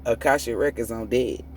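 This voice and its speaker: A woman tarot reader with a bass voice, a darkish tone and a slight hiss or hum delivers a profane, preachy spiritual rant. She is emphatic, and when fired up she tends to repeat and restart words.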